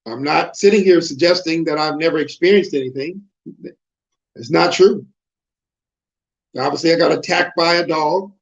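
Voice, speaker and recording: High-pitched guy preaching hard, lots of rhetorical questions, kinda muffled lo-fi sound. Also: normal speed, creaky, long pauses. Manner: impassioned, rhetorical questions, repeats words. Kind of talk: preaching sermon. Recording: dull lo-fi broadcast audio.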